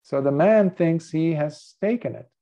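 A man's voice: a little high, measured pace, mellow. Earnest male monk giving a dharma talk. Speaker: Buddhist monk teacher. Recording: dull lo-fi recording.

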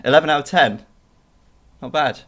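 A man's voice: a little high, normal speed, fairly bright tone. A man streaming a strategy game, chatting with viewers in a jokey, casual way. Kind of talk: casual live-stream commentary.

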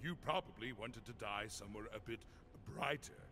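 A man's voice: fairly low pitch, lightly acted. A man playing a coldly polite game villain. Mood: calm menace. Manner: courteous, slow, then commanding. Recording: game audio with clear background noise.

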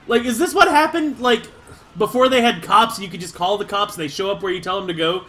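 A man hosting a let's play, talking through the game and shouting and swearing at it. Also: sits high, quick pace. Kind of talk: gameplay commentary.

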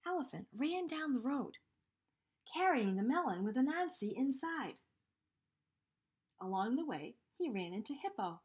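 Woman teacher, storybook read-aloud, expressive, hushed asides, lively pitch, slow. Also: husky. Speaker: teacher reading to children.

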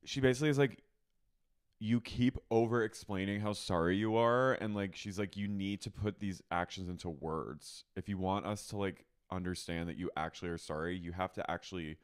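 A man's voice: deep voice, normal speed, smooth. A young adult man co-hosting a podcast, casually gossiping about a reality show and slipping into playful mocking voices. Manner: playful, slips into loud mocking impressions. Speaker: podcast co-host.

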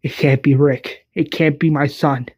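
A man voicing a frightened pregnant woman who pleads urgently and swears in his own husky voice. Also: fairly high pitch, steady tone, measured pace, a little mellow, no echo. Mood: desperate.

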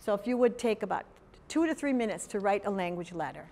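A woman's voice: medium pitch, animated, quick pace, a little mellow. A woman giving a conference workshop to language teachers, talking conversationally with many fillers and quizzing the audience. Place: large conference hall. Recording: long hall reverb.

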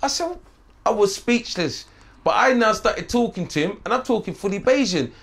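A middle-aged man from St Vincent a lilt, telling his life story in an interview in a lively, swearing way and acting out the voices he quotes. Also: sits high, normal speed, gravelly. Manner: animated, streetwise, swearing, acts out quoted voices. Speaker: interview guest.

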